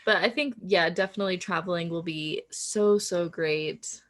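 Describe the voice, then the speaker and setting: A woman's voice: fairly low pitch, normal speed, fairly bright tone. A woman court reporter chatting casually, giggling often and retelling stories with animation. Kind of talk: casual chat.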